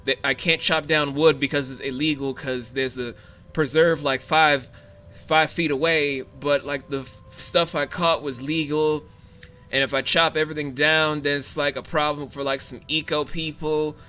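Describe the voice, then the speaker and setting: A young man streaming a game, talking in an animated, profane and rambling way. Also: on the high side, normal speed. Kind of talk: casual livestream commentary.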